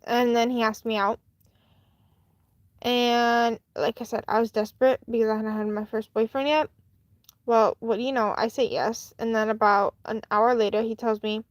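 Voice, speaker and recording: A woman's voice: a little high, little pitch movement, a little slow, pauses often, no echo, studio quality. A woman hosting a live stream, casually telling a personal story in a rambling, candid way with many fillers and restarts. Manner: chatty and candid.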